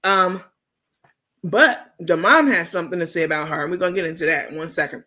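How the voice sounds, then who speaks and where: A woman's voice: fairly low pitch, fairly quick, pushed and bright. A woman with a New York accent hosting a gossip commentary stream, chatty and slangy with lots of fillers. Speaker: host.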